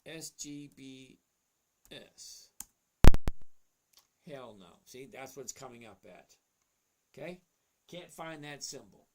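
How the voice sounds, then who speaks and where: A man in his sixties hosts a casual livestream, reading viewer questions aloud. He answers bluntly and chattily in a plain, middle-pitched voice. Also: expressive, takes it slowly, pauses often, background noise. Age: 60s. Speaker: host.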